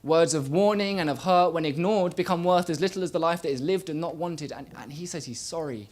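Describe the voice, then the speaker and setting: Young male spoken word poet on a small stage; rhythmic, shifts from loud bursts to near murmurs, slightly high-pitched. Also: a little fast. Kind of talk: live spoken word performance. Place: small live venue stage.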